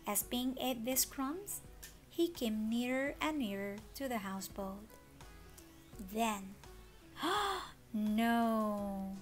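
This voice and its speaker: A woman reading a children's story aloud, expressive with dramatic gasps. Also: a little high, unhurried, faint music behind. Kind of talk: children's read-along story.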